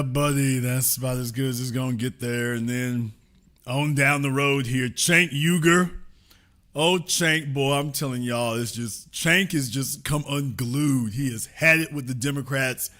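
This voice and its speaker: A man's voice: mid-range voice, sharp tone. Folksy man hosting a commentary show. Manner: folksy, teasing, drawn-out remarks. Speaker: show host. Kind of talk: casual political commentary.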